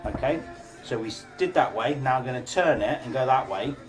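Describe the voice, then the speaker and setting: A man's voice: medium pitch, a little fast, over music. A man hosting a casual live cooking class, chatty, jokey and informal as he demonstrates.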